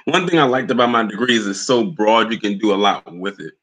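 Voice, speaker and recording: A man's voice: fairly low pitch, lively intonation, fast, a bit bright, low-quality recording. A young man hosting a livestream, chatting loosely and greeting commenters by name. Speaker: livestream host. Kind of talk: casual live chat with viewers.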